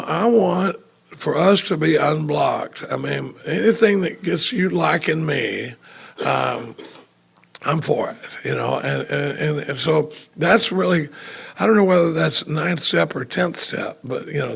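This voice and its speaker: A man speaking at a recovery retreat, telling a self-mocking story to a live audience with many restarts. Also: fairly high pitch. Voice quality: gravelly, raspy. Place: retreat meeting room with audience.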